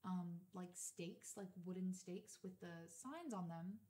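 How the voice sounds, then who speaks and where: Her voice sits lowish with a dark tone, and she talks a little slowly. She's a podcast co-host in her twenties who recounts a story casually, cursing freely and performing the quoted lines.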